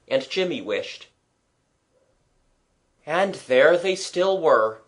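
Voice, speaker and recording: Slow, lively storybook narrator. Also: medium pitch. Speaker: audiobook narrator. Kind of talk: scripted narration of a children's book.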